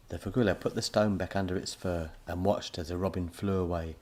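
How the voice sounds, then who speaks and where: Husky man narrating a children's story. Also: sits low, fairly quick. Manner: lively storytelling.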